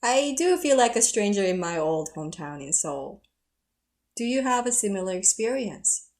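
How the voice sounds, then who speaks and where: A woman's voice: medium pitch, big pitch swings, moderate pace. A middle-aged woman giving a history lecture and telling personal stories, laughing at herself now and then. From South Korea. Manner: warm, storytelling, laughs at herself.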